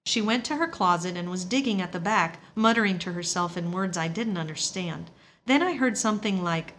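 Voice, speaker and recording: A woman's voice: lowish voice, normal speed, a bit bright, a little hiss or hum. A woman narrating a first-person audiobook story, confiding and reflective in tone.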